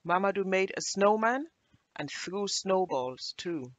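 Brief: woman storyteller, animated children's read-aloud, dry close mic. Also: mid-range voice, measured pace, no echo, muffled recording. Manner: expressive, animated storybook reading.

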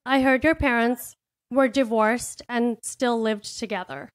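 A woman's voice: on the high side, fairly even intonation, a little slow. A woman in her late thirties hosting a podcast, talking in an enthusiastic, gushing way. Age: late 30s. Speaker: podcast host. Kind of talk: casual podcast interview.

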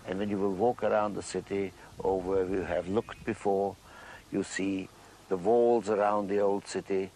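A man with a fairly low voice, a city mayor, explains history to a visitor in a measured, patient way and stops now and then to find the next word. A faint wash of background noise sits under him. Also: flat delivery, warm tone, rough recording.

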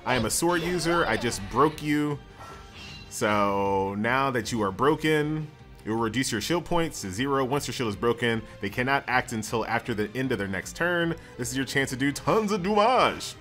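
A man's voice: medium pitch, animated, normal speed, a bit bright. A man hosting his own gaming channel, giving upbeat casual let's-play commentary and reading tutorial prompts aloud. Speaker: gaming YouTuber. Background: game music.

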